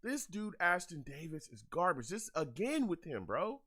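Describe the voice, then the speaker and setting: A young man calls a game live for his fan show, his voice riding a little high and swinging wildly from low grumbles to loud outbursts. He rants in exasperation, says the same complaint over and over, and stops to read chat comments aloud. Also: very animated, moderate pace, slightly rough. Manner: exasperated, ranting, repeats himself.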